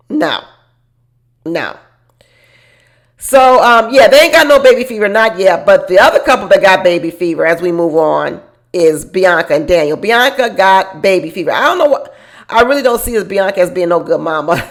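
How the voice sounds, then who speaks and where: A woman's voice: lowish voice, animated, moderate pace. Chatty gossiping woman recapping TV. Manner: chatty, gossipy, laughs while retelling; speaks straight to viewers as "y'all". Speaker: reality TV recap host. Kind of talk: casual recap commentary.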